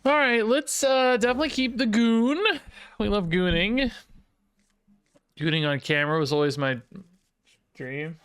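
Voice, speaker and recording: A man's voice: high-pitched, a little slow, pauses often, a bit bright, clean tone, dry recording. A young man hosting a gameplay video, talking through his moves in rambling, self-questioning casual commentary that swings into mock anger.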